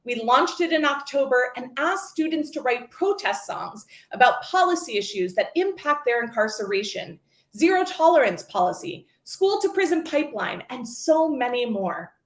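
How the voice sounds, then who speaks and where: A woman in her forties giving a scripted keynote talk, telling stories with lively acted quotes. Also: sits high, normal speed, roomy sound. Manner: storytelling, expressive with acted quotes. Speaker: keynote speaker.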